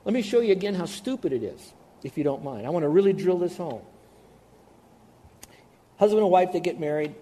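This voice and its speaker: A male pastor delivering a lively sermon, emphatic and direct with his listeners. His voice sits a little high, with a mellow, soft-edged tone. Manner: animated, emphatic, talks straight to the listeners.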